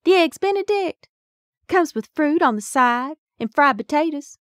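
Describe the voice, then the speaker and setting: A woman voicing a flirtatious Southern waitress with a heavy, breathy Mississippi drawl. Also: sits high, expressive, unhurried, dry recording, clean studio sound, pitched above the performer's own voice. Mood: flirty.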